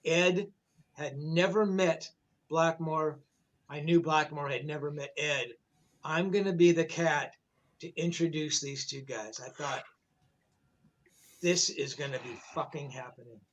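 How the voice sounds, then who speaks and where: An older man telling a backstage story in loose, meandering conversation, with plenty of cursing and false starts. His voice sits a little above the usual male pitch. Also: a little slow, long pauses, poor audio. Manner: rambling, profane, many fillers and restarts. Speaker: rock journalist telling a story. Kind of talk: casual storytelling on a livestream.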